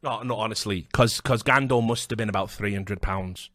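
A man's voice: lowish voice, normal speed, a bit bright, no room sound, studio quality. A young Welsh man casually telling a story on a podcast, swearing freely, laughing and acting out the voices of the people in it. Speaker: podcast host.

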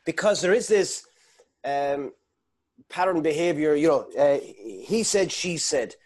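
A man interviewing a guest, thinking aloud in halting phrases with frequent restarts. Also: on the high side. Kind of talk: conversational interview.

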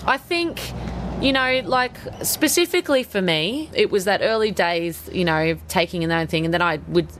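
An Australian woman talks casually as an interview guest, her voice sitting a little low. She rambles along warmly with fillers and frequent laughter, with a faint hum of ambience behind her. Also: lively intonation, normal speed. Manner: chatty, laughs often, many fillers.

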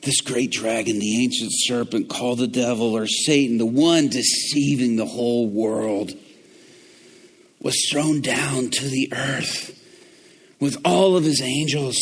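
A middle-aged male preacher giving a sermon, moving from hushed, low storytelling to loud, fervent preaching. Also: a little slow, slightly rough, big-room sound.

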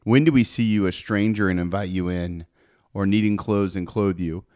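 A man's voice: low voice, a little mellow, no room sound. A man hosting a faith podcast in an upbeat, chatty way, talking straight to listeners and reading scripture aloud, on a studio podcast mic. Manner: upbeat, chatty, with frequent "right?" asides. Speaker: podcast host.

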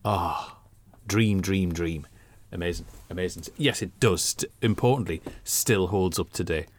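A man's voice: deep voice, normal speed. A man co-hosting a podcast, chatting in an enthusiastic, sweary way. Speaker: podcast co-host. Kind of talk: casual chat.

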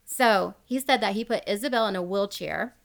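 Woman host, chatty storyteller, gravelly voice, laughs a lot. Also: medium pitch, moderate pace. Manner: chatty, laughs often, quotes people as she tells. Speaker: podcast host retelling a true crime story. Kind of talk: casual storytelling chat.

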